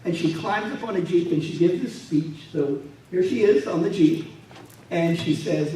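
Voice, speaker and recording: A guest speaker and military historian gives an anecdotal, slide-based talk at a museum event, telling stories and acting out the people in them. His voice is fairly high, warm, and at normal speed, picked up by a distant mic in an echoey room.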